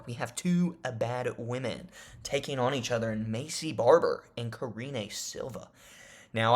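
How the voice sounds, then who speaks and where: A young man giving casual fight predictions, rambling and excitable, with many fillers and restarts. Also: mid-range voice. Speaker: MMA picks host.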